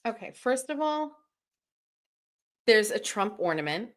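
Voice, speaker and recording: A woman hosting a casual livestream, excitedly opening gifts and chatting to her viewers while swearing freely. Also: mid-range voice, measured pace. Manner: excitable, swears often, laughs and gasps. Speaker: livestream host.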